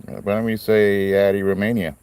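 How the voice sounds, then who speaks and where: Low smooth-voiced man hosting a live stream. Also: little pitch movement, normal speed, a little mellow. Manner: rambling, friendly, greets chatters by name. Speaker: livestream host cutting stones. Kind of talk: casual live-stream chat.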